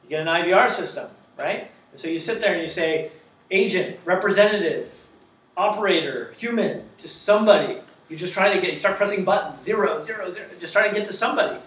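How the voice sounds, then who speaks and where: High-voiced man giving a lively talk. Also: fast talker, hardly any pauses, reverberant, recorded from a distance. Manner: lively and joking, with rhetorical questions. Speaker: conference speaker. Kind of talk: conference talk.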